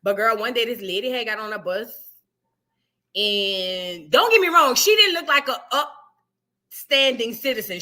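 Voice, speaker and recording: New lady chatting on her stream, bright sharp voice, slangy and animated. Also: fairly high pitch. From New Orleans, USA. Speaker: livestream host. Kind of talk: casual livestream chat.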